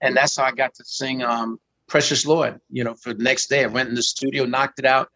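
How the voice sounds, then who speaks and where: A man's voice: medium pitch, a little fast, dry recording, poor audio. A middle-aged man telling jokey stories as a guest in a casual chat, swearing freely. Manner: animated, profane, jokey storyteller.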